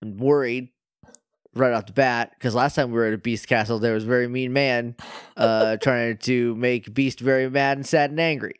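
A man co-hosting a podcast in casual chat, laughing often and tossing in quick jokes. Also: mid-range voice, steady tone, clean tone, no room sound, clean studio sound. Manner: laughs a lot, quick joking asides. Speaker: podcast co-host.

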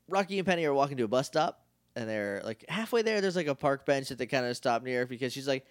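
A man co-hosting a podcast, chatting casually and acting out characters in quick voices. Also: mid-range voice, lively intonation, dry recording, clean studio sound. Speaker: podcast co-host. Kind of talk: casual recap chat.

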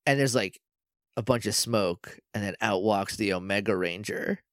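A man co-hosting a casual podcast, recapping a show with quick, animated impressions of the characters. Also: lowish voice, no echo, studio quality. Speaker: podcast co-host.

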